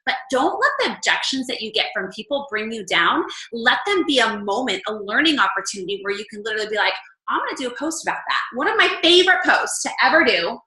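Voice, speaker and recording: A woman leading a casual coaching call for her fitness business team, chatty and animated. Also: on the high side. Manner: chatty, animated, acts out quoted lines. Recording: echoey room.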